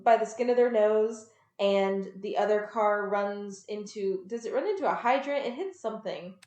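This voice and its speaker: A woman's voice: mid-range voice, normal speed, roomy sound. A woman co-hosting a podcast, chatting casually as she recaps a TV episode and acts out the characters' lines. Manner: chatty, animated, acts out quotes. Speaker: podcast co-host. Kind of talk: casual chat recapping a show.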